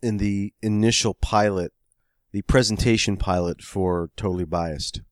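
In a clean, dry studio recording, a man with a lowish, fairly even voice takes his time telling a long story about his screenwriting work. It's casual podcast chat, and he laughs a lot while acting out the phone calls he quotes.

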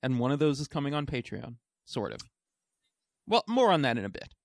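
A man's voice: mid-range voice, big pitch swings, fairly quick, gravelly, dry recording. A man co-hosting a podcast in casual chat, giving dry, brief replies. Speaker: podcast co-host.

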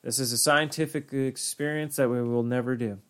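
A man's voice: medium pitch, fairly even intonation, normal speed, a bit bright, smooth. A young man co-hosting a podcast in casual chat, rambling with lots of fillers and swearing. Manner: rambling, profane, full of "like" fillers. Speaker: podcast co-host.

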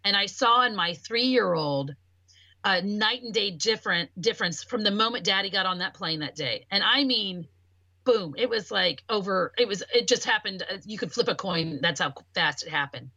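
A woman speaks in a bright, clear voice in casual podcast conversation. She tells her own story in an animated way and acts out the people she quotes. The sound is close and dry. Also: medium pitch, moderate pace, dry recording. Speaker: podcast talker.

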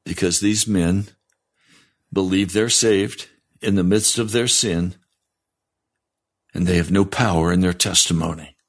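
A male pastor preaching a broadcast sermon, fiery and reading scripture aloud, rising in pitch on pointed questions. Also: measured pace, long pauses. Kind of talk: radio sermon.

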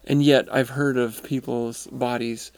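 A man with a low, mellow voice and a gravelly edge reads a first-person account slowly and steadily. He then shifts into easygoing host commentary. He is recorded close and dry, with no room sound. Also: dry recording. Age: adult parent. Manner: calm, measured reading; chuckling, conversational commentary. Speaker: narrator and podcast host.

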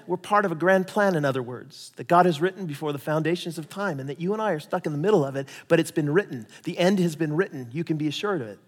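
Animated man preaching in a hall. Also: on the high side, fast talker, hardly any pauses. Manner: animated, conversational preaching with asides and paraphrased voices. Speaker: pastor. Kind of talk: sermon.

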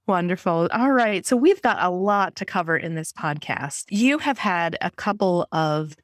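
A woman's voice: lowish voice, lively intonation, a little slow, no room sound, studio quality. A woman hosting a spiritual podcast interview, talking in an enthusiastic, chatty way. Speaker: podcast host.

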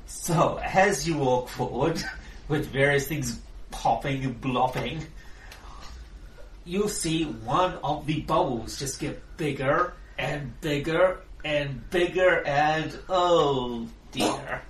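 A man running a tabletop game as game master, narrating with slow, amused storytelling. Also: fairly high pitch, fairly bright tone. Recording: roomy, distant, noisy table recording.

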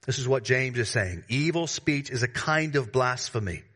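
A man preaching a sermon to his congregation, emphatic, with sudden rises in pitch and volume and casual slangy asides. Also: expressive, normal speed, a bit bright. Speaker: pastor.

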